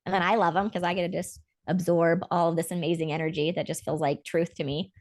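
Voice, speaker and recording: A woman's voice: fairly low pitch, level tone, fast, a little mellow. A woman hosting a casual spiritual chat, talking in an earnest, rambling way about feelings and growth. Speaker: podcast host.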